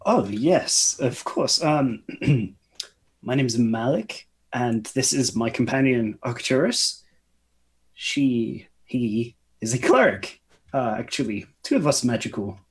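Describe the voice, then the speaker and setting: A man role-plays a sorcerer in a tabletop game, speaking very slowly in a husky voice. He sounds hesitant and overly polite, and he stammers through his apologies. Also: mid-range voice, lively intonation. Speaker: player.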